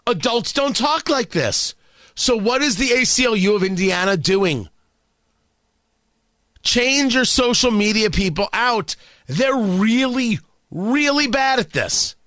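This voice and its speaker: An emphatic male radio host delivering a sarcastic opinion monologue, his fairly high voice leaping around with lively swings in pitch. The tone is bright and cutting, and the studio sound is dry and close. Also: takes it slowly, no room sound. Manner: emphatic, sarcastic, repeats phrases for effect.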